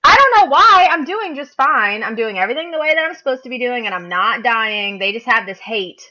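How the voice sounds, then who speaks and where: Her fairly high voice is very animated, brisk, pushed, and bright, with slight background noise. This podcast co-host chats casually, laughing as she performs other players' lines, and the recording has a dull lo-fi quality.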